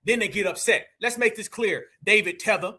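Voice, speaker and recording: A man's voice: high voice, fairly quick, sharp tone, breathy edge. A man hosting a live commentary stream, talking in an emphatic, preachy way with lots of slang. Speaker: livestream host.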